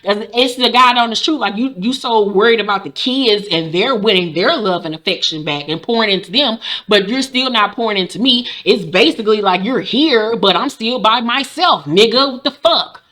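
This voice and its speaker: A woman's voice: mid-range voice, moderate pace, hardly any pauses, pushed and bright. A woman in her forties giving a blunt, profane, sassy casual recap of a reality show as a YouTube host. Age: 40s.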